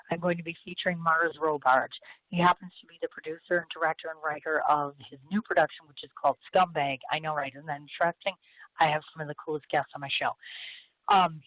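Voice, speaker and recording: A hoarse woman in her thirties hosts a call-in talk show, rattling on quickly in a chatty, gushing, self-mocking way. Her voice comes through a thin phone line, dry with no room sound. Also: lowish voice, no echo. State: hoarse from illness. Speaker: radio talk show host. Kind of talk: casual chat.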